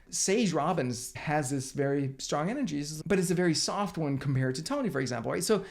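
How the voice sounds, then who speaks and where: Energetic man giving a motivational talk. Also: on the high side, fairly quick, creaky, few pauses. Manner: energetic, emphatic, casual with swearing. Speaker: business coach and channel host.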